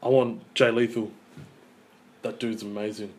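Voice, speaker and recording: A man's voice: fairly low pitch, little pitch movement, unhurried. A young man with an Australian accent co-hosting a casual podcast in an easygoing, agreeable way. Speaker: podcast co-host. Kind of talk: casual wrestling chat.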